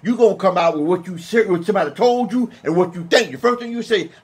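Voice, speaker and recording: High-voiced man preaching emphatically. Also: husky. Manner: emphatic and colloquial, reads scripture slowly. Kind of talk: Bible teaching sermon.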